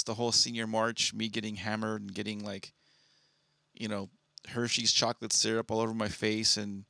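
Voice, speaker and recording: A young man co-hosting a podcast, telling a rambling, filler-heavy story in a relaxed way. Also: fairly low pitch, no room sound, studio quality. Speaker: podcast co-host. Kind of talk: casual storytelling chat.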